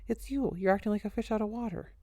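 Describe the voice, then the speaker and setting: A woman's voice: medium pitch, fast, warm tone, dry recording, studio quality, pitched above the performer's own voice, natural voice. Woman reading a flustered young hostess. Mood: tart.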